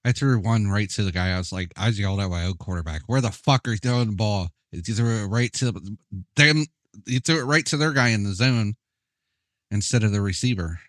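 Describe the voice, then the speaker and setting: A young man with a fairly low voice talks loosely over his gameplay, cursing freely and laughing at his own bad luck. He rambles in a relaxed, offhand way. The sound is dry and close, with no room around it. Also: moderate pace, dry recording. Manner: profane, laid-back, laughing, rambling. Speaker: gamer playing a college football game. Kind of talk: casual gameplay chat.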